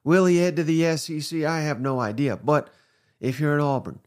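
A man's voice: a little high, normal speed, smooth. A male podcast host giving casual, opinionated sports commentary, ranting with laughs and the odd curse. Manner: opinionated, animated rants with laughs and mild cursing.

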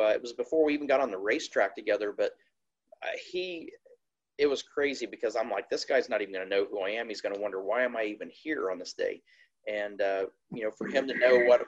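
A man from Indiana, a team owner and former racer, telling racing stories in a casual, animated, plainspoken way. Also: mid-range voice, highs cut off. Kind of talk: casual storytelling interview.

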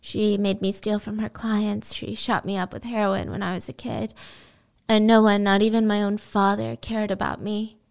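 A woman's voice: medium pitch, little pitch movement, moderate pace, creaky, darkish tone, clear, resonant tone, close to an everyday voice. A woman voicing a self-pitying manipulative man. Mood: melodramatic. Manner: melodramatic, pleading.

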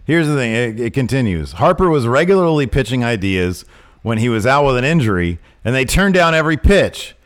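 A man co-hosting a podcast in casual chat. His pitch swings widely as he talks, climbing high whenever he gets worked up and outraged. His delivery is lively and emphatic. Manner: animated, rising to outraged emphasis. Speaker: podcast co-host. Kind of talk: casual wrestling news chat.

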